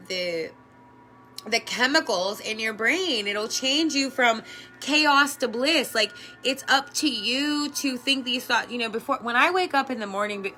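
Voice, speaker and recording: A woman's voice: a little high, bright, forceful tone. A woman who works as an energy worker and coach, talking earnestly and chattily to her viewers, swearing casually and laughing often. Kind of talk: casual motivational talk to camera.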